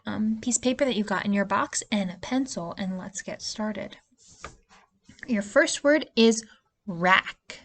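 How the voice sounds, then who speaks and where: A woman teacher giving a spelling lesson to young children, patient and stretching out the vowel sounds. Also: medium pitch. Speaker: early-years teacher.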